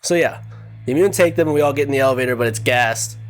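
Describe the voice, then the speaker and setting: A man's voice: mid-range voice, fast talker. A man giving a casual, sarcastic recap of a video game's story. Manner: sarcastic, offhand. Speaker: video game recap host. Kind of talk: casual game recap commentary.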